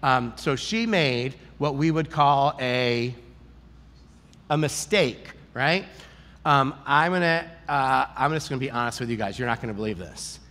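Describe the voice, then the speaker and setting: A man preaching a sermon as a pastor, telling stories in an animated, joking way before a large audience. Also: medium pitch, a little slow. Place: large church hall with audience. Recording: echoey hall reverb.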